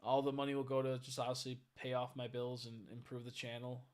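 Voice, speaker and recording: A man's voice: mid-range voice, monotone, brisk, darkish tone, smooth. A tired man chatting casually on a live stream, rambling and swearing as he greets viewers. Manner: rambling, swearing, stumbles over chat names.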